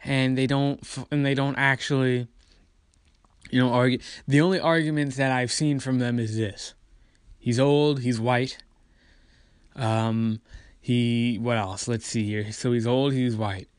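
A man's voice: medium pitch, fairly even intonation, unhurried, smooth, no echo, studio quality. A man hosting a political commentary video, ranting casually with profanity, dismissive asides and lots of fillers.

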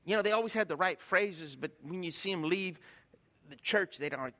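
A middle-aged male pastor preaching a sermon, telling stories with animated swings between loud and hushed delivery. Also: high-pitched, normal speed. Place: church sanctuary. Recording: long hall reverb.

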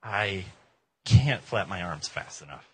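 A man's voice: deep voice, lively intonation, slow pace, bright, forceful tone, breathy edge, pitched below the performer's own voice, full character voice. A man speaking as a frightened believer in a sermon story, anxious and pleading. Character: nervous ordinary believer, male, afraid of a leap.

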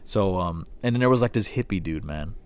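A man's voice: sits low, fairly quick, clear, resonant tone. Young man telling a wild story. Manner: animated storyteller, heavy cursing, acts out voices. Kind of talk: casual chat, storytelling.

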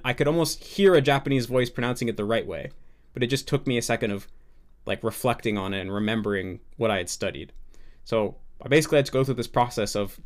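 A young man as a podcast guest, explaining earnestly and thinking aloud in a casual interview. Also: mid-range voice.

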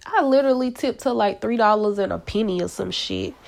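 Profane, gravelly-voiced woman podcaster. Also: medium pitch, fairly quick. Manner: profane, blunt storytelling with slang. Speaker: podcast host. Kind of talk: casual solo podcast rant. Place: at home, kids in hallway.

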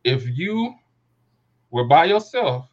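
A man's voice: a little high, very animated, takes it slowly, a little mellow. A man in his thirties telling a rambling, slangy story in casual chat, often correcting himself. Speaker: podcast co-host telling a story. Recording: dull lo-fi recording.

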